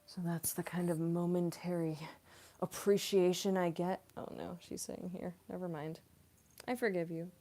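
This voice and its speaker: A woman's voice: lowish voice, steady tone, normal speed, mellow. A young woman, a voice actress, chatting casually on a live stream, giggling often and cooing at her cat.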